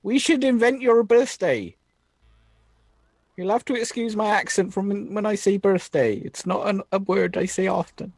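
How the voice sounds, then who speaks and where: A woman's voice: medium pitch, normal speed, a little mellow, no room sound, close to an everyday voice. A woman voicing a tiny, boastful male alien engineer in a tabletop role-play, blustering and calling everyone mate. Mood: chatty.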